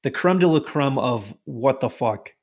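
A man's voice: mid-range voice, unhurried. A man from Massachusetts telling a long work story on a casual podcast, swearing freely and acting out what people said. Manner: animated, profane, quotes people in put-on voices.

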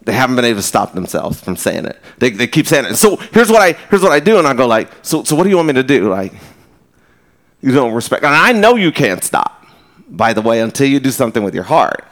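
A man preaching a sermon in a conversational, storytelling way, with quick asides. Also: mid-range voice, sing-song, a bit bright. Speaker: pastor. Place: church.

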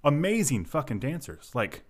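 A man's voice: medium pitch, sing-song, moderate pace. A man chatting casually as a podcast co-host, laid-back and joking, swearing now and then. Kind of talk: casual chat.

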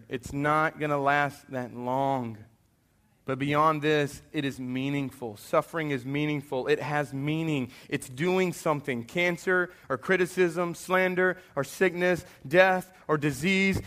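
High, bright-voiced preacher man. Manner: animated preaching, drops to a quiet hush for confessions. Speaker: pastor. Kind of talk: sermon.

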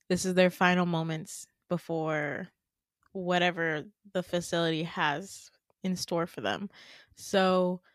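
A woman retelling a dream story in a loose, chatty way, full of fillers. Her voice sits at an ordinary pitch and sounds close and dry. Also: no echo. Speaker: podcast host.

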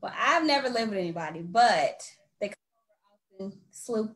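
A woman in casual chat as a podcast co-host, talking quickly and laughing easily. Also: medium pitch, lively intonation.

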